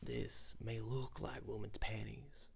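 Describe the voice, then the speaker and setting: A man's voice: fairly low pitch, fairly even intonation, slow, exaggerated voice. A man voicing a rambling former cowboy in a whispered role-play, his talk full of restarts and fillers. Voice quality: gravelly, husky whisper.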